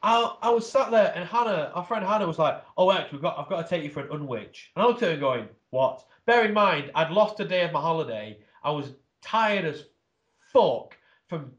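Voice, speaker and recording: A man's voice: on the high side, lively intonation, normal speed, lo-fi sound. Ranting, swearing Englishman with an echo. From England. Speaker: podcast guest. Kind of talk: casual interview chat. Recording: roomy echo.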